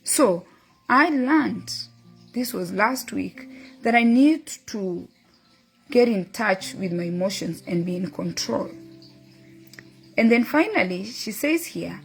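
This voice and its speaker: A woman's voice: a little high, lively intonation, measured pace, vocal fry, faint music behind. A middle-aged woman hosting a motivational talk, earnestly telling a story and quoting her son and a book. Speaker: host.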